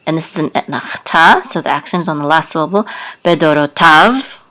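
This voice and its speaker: A woman's voice: deep voice, fast, a bit bright. A woman teaching a language lesson, patiently spelling out sounds letter by letter. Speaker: Hebrew teacher. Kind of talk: slow spoken lesson.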